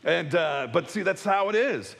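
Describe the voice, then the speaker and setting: A male pastor giving a casual, conversational sermon, chatty with joking asides and quick acted-out voices. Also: high voice, expressive, gravelly, fairly bright tone, big-room sound. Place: church hall.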